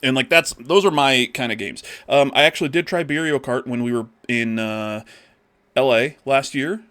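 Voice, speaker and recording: A man's voice: mid-range voice, normal speed, a bit bright, no room sound. Casual rambling man on a dry mic. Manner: rambling, restarts, swears casually. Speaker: podcast co-host. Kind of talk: casual chat on a live stream.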